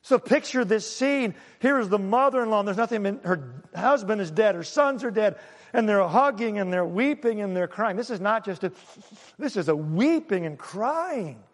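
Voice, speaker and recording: High-pitched guy preaching, gets loud then goes quiet, lots of hall echo. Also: lively intonation, normal speed. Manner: dramatic preaching, swings from loud to hushed; asks the congregation questions. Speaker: pastor. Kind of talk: sermon.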